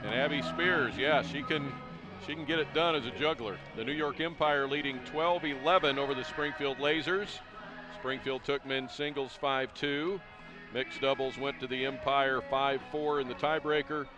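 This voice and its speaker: A man's voice: mid-range voice, steady tone, moderate pace, over music. A man doing live play-by-play commentary on a tennis broadcast in an upbeat, conversational way.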